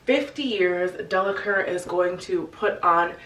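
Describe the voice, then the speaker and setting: A woman casually retelling a book's plot to her viewers in a chatty, animated way, full of "like"s and an occasional curse word. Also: fairly low pitch, unhurried, recorded from a distance. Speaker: book recap video host. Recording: echoey room, voice away from the mic.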